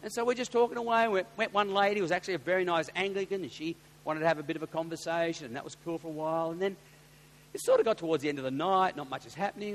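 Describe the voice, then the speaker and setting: An Australian pastor preaches through a story with a slightly high voice, animated and lively, rising loud when excited. His voice rings out with a long hall reverb. A faint hum sits behind it. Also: quick pace. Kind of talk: storytelling sermon.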